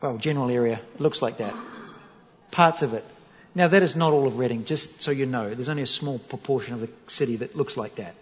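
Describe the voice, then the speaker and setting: This pastor, a New Zealander with a matching accent, speaks briskly in a mid-range voice while delivering a sermon. His style is lively and full of jokes, with storytelling and questions put to the listeners. The audio comes from an echoey hall and sounds dull and lo-fi.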